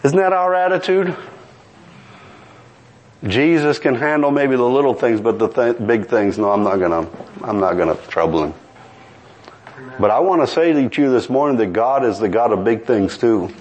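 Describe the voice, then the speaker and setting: A man preaches a dramatic sermon in a mid-range voice at normal speed, pausing often, quoting King James scripture and acting out the story's people, rising to near-shouts. The recording has cut-off highs and slight background noise.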